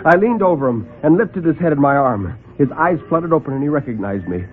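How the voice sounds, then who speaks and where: A man's voice: a little high, expressive, a little fast, few pauses. A man narrating a hardboiled first-person story in 1940s radio storytelling style. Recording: tinny old radio broadcast with faint hiss.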